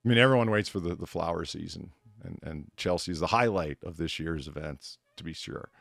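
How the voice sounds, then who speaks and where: A man co-hosting a casual chat, stuffed up with a blocked nose and talking in a profane, sarcastic, animated way. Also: sits low, fairly quick, vocal fry, no echo, studio quality. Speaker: podcast co-host.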